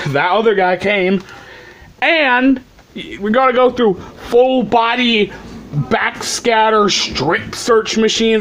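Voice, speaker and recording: Guy with a really high voice, rambling sarcastic rant, swears nonstop, faint hiss behind. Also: a bit bright, poor audio. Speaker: vlogger. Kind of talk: profane ranting commentary.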